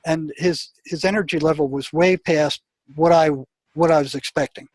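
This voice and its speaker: Husky, high-voiced man telling a story. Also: normal speed, dry recording. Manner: animated storytelling with frequent restarts and laughs. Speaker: guest recounting prison work. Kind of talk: casual storytelling in an interview.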